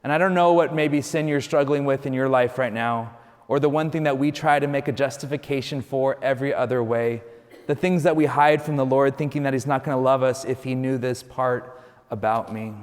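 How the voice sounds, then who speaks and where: Conversational priest in a reverberant hall. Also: male voice, medium pitch, steady tone, fairly quick. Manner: conversational, storytelling, frequent "you know". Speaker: Catholic priest. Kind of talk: homily.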